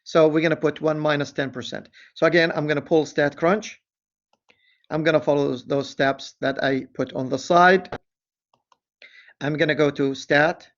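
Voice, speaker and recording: The audio is dull, and the man's voice sits fairly high as he walks through a statistics problem in a screen recording. He takes it deliberately, reading the problem aloud and stopping to correct himself.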